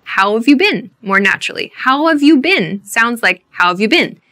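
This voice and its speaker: A woman teaching English phrases to learners, saying each one again and again. Her slightly high voice moves all over the place. The tone is bright and forward. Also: expressive. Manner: repeats phrases slowly for learners. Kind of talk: scripted English lesson.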